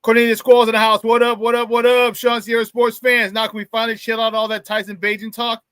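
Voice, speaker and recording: A man hosting a live sports talk show, hyped and loud, with casual slangy banter as he reads out chat shout-outs. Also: very high-pitched, little pitch movement, quick pace, smooth, no room sound.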